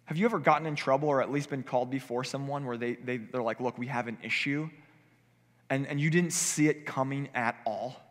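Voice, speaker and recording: Guy pastor preaching casually, kinda high voice, big echo like a church hall. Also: expressive, brisk, fairly bright tone. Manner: conversational preaching, acts out quoted voices. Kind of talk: sermon. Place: church sanctuary.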